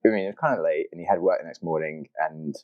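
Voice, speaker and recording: A man hosting a podcast, casually telling a story and acting out people's reactions with lively jumps in his voice. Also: low voice, fast, no room sound, narrow, tinny audio. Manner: animated, acts out quoted reactions. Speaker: podcast host.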